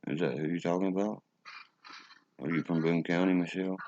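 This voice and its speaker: A man's voice: low-pitched, fairly even intonation, a little fast, a little mellow, dull audio, slight background noise. A man with a West Virginia accent hosting a livestream, ranting profanely and answering chat. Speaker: livestream host. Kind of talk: casual livestream chat, reading the chat.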